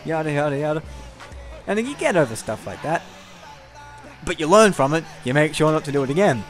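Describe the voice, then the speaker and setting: A man's voice: on the high side, sing-song, fairly quick, faint music behind. A young man telling a long, rambling personal story over gameplay, candid and casual with frequent swearing. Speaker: gameplay commentator.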